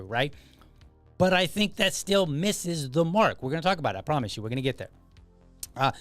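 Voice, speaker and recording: A podcast host with a fairly high, fairly bright voice works through comments in casual solo commentary. His delivery is loose and conversational, full of restarts and asides.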